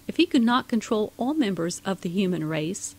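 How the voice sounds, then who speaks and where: Woman, narrator, rhyming storybook poem, sing-song, gravelly, mid pitch. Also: big pitch swings, normal speed, a little mellow, low-quality recording.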